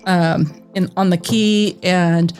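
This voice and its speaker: A woman's voice: on the low side, steady tone, slow, darkish tone, soft background music. A woman co-hosting a casual podcast chat, rambling and laughing often. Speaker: podcast co-host.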